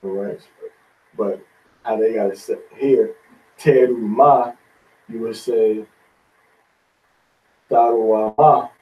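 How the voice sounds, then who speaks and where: A man's voice: on the low side, level tone, measured pace, pauses often, distant mic, dull audio, slight background noise. A man teaching a Bible study in an informal, folksy sermon style, often tagging lines with "man".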